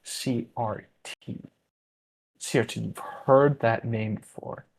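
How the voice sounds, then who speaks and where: A man's voice: mid-range voice, steady tone, slow pace, gravelly, darkish tone, slightly rough. A man narrating a tabletop role-playing game as game master, casual and loose with fillers.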